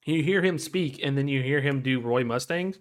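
A man's voice: medium pitch, normal speed. A man co-hosting a casual podcast, talking in a rambling way full of fillers and restarts. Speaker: podcast co-host. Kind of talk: casual chat.

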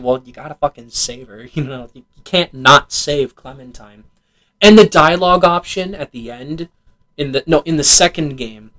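A man's voice: medium pitch, fairly bright tone, low-quality recording. A young man co-hosting a casual podcast about video games, laughing often, swearing freely and acting out game dialogue. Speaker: podcast co-host.

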